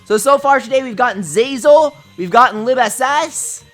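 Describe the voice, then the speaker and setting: A woman streaming a game live, giggling often and gushing with excitement over her pulls. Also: high voice, normal speed. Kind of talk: live-stream gameplay commentary. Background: faint game music.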